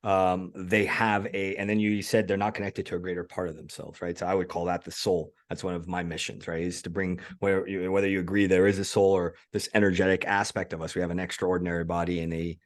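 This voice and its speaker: A man hosting an interview show in a casual, animated way, often restarting his sentences. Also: fast, hardly any pauses. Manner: animated, swooping pitch, frequent self-restarts. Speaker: podcast host.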